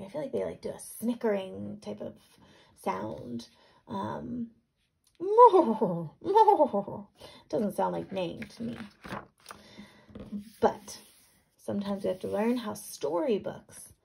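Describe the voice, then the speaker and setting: A woman teacher reading a picture book aloud to young students, animated, asking questions and sounding words out. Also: mid-range voice, gravelly, husky.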